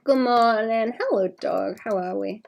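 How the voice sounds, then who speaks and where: A woman's voice: a little high, measured pace, vocal fry, darkish tone, muffled recording. Chatty woman sketching on stream. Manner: chatty, rambling, talks to chat between drawing. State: slight cough. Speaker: livestreaming illustrator. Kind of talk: casual chat while drawing.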